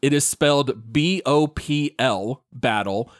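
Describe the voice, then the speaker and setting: A man's voice: mid-range voice, takes it slowly, no echo, studio quality. A man hosting a gaming podcast in casual chat, upbeat and joking as he introduces his co-hosts. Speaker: podcast host.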